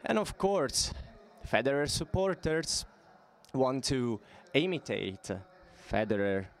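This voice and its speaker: A man interpreting a stage talk into English, halting and using fillers. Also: medium pitch, very animated, vocal fry. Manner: halting, with frequent fillers and restarts.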